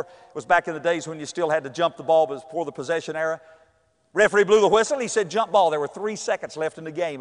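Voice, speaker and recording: A middle-aged man, telling a personal story with animated acted-out voices and shouts. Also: high-pitched, in a large hall.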